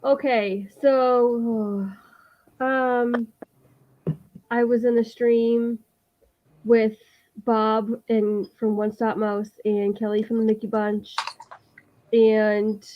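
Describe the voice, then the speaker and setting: A woman with a Boston accent telling a story in casual livestream chat. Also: on the high side. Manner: chatty, storytelling. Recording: dull lo-fi stream audio with faint noise.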